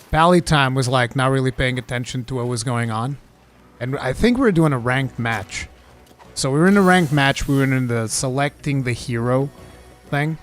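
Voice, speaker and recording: A man streaming a hunting game, chatting with teammates and yelling and cursing at monsters as he plays. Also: medium pitch. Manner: excitable, swears and yells at monsters; loose storytelling to teammates. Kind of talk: casual gameplay commentary.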